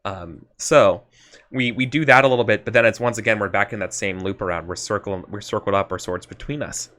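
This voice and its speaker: Bright-voiced man rambling through a game. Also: lowish voice. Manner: rambling, many fillers and restarts. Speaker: player. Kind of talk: casual tabletop role-play.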